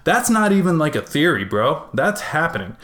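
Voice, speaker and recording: A man's voice: fairly high pitch, big pitch swings, normal speed, fairly bright tone. A man co-hosting a podcast in casual chat, spinning conspiracy theories with mock-dramatic flair and easy slang. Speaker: podcast co-host.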